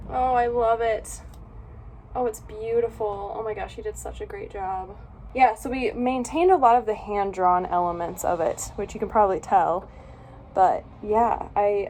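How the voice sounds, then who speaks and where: A woman's voice: mid-range voice, moderate pace, a little mellow, slight background noise. A young adult woman vlogging in a bubbly, gushing way, full of "like" and "oh my gosh". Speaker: book vlogger. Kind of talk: casual vlog chat.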